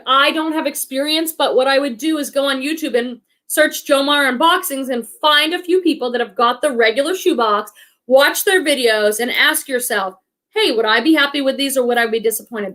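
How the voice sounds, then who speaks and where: High-pitched woman in her 40s doing a live stream, chatty, lots of likes and restarts. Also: a bit bright. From Boston area, USA. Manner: chatty, thinks aloud with many likes and restarts. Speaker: reselling livestream host. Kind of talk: casual live-stream chat reading viewer comments.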